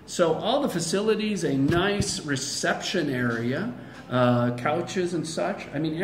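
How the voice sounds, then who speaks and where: This man is an English teacher with a General American accent, chatting playfully and casually in an interview at a language school in Bangladesh. His voice is a little high and lively, and he imitates other accents, with an echoey room and slight background noise.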